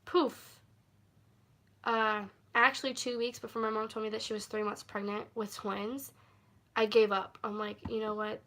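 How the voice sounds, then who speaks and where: A woman's voice: fairly high pitch, flat delivery, moderate pace, a bit bright. A woman chatting through a casual story-time livestream, rambling and giggling, with lots of fillers. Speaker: livestream host.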